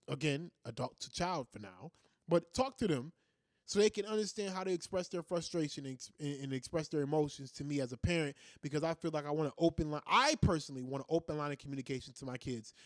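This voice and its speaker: A man's voice: on the high side, no room sound, clean studio sound. A man, talking casually about parenting and acting out his children's voices as he tells stories. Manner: animated storytelling, acts out his kids' voices. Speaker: podcast host.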